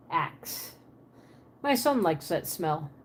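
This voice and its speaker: Answering viewers' comments aloud, this Pennsylvania woman keeps things casual on a livestream from her apartment, her accent mixing Pennsylvania Dutch with a Southern twang. Her pitch is fairly low, and a faint hiss or hum can be heard.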